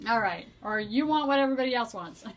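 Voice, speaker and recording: A woman's voice: fairly high pitch, lively intonation, quick pace. A woman co-hosting a live shopping stream, joking, laughing and relaying viewer orders. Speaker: co-host taking orders.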